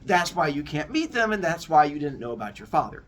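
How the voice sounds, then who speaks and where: A man's voice: on the high side, very animated, fairly quick, fairly bright tone. A man voicing a scheming old earth goddess grandmother who speaks in a breezy, matter-of-fact way.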